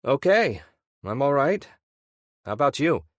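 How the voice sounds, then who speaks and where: A man's voice: medium pitch, big pitch swings, a little slow, no echo, studio quality, voice pushed up. A male narrator voicing a worried younger brother on a phone call who forces a cheerful tone. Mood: forced cheer. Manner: strained, falsely upbeat.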